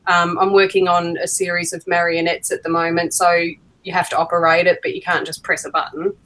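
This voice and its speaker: Casting: Australian woman, lowish voice, chatty maker on a video call. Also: level tone, fairly quick, a bit bright, rough recording. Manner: chatty, explains her craft, laughs easily. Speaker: fan puppet maker on a live video call. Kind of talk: casual chat.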